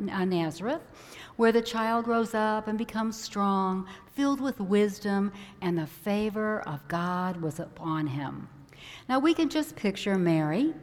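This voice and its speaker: Woman, minister, conversational sermon, mid pitch, long hall reverb. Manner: conversational, animated when acting out a worried parent.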